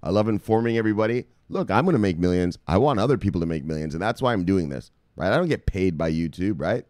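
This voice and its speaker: A man's voice: low voice, lively intonation, fast talker, darkish tone, no room sound, studio quality. A man hosting a crypto video, talking in a casual, profane hype monologue and repeating words for emphasis.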